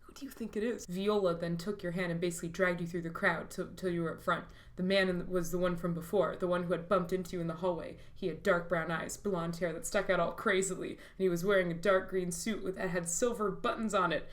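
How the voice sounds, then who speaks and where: A woman's voice: fairly low pitch, little pitch movement, fast talker, hardly any pauses. A woman hosting a comedic reading of fanfiction aloud, voicing lines theatrically and cutting in with wry asides and bursts of laughter.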